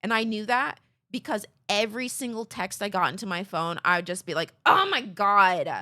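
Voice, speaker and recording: Bright-voiced young woman streamer, laughing. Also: mid-range voice, a little fast. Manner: rambling, laughing, swearing, self-mocking. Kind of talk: casual chat with chat.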